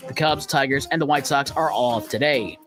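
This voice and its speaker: A man reading a scripted radio sports update in a brisk, steady newsreader manner. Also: medium pitch, faint music behind. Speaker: sports news reader.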